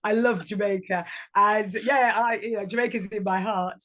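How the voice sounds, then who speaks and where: A woman's voice: mid-range voice, fairly even intonation, normal speed, fairly bright tone. A woman, a guest talking casually on a video call, rambling and repeating herself. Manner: rambling, repeats words, laughs easily.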